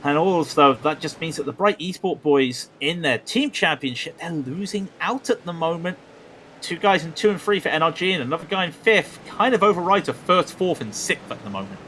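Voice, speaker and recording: A man calls a sim race live, getting worked up and ranting about the driving. His voice sits high and swings a lot. It has a bright, forceful edge. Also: moderate pace, a little hiss or hum. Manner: excitable, ranting. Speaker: sim racing commentator.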